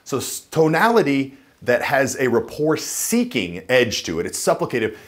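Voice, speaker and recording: Animated man coaching on vocal tone. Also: normal speed. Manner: emphatic, drops into a low chest voice to demonstrate. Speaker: dating and voice coach. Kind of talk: instructional talk to camera.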